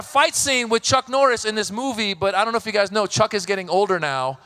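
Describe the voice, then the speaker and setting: A man from Iran in his thirties doing stand-up comedy, telling animated stories and acting out voices. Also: high voice, a little fast. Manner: animated storytelling, acts out voices.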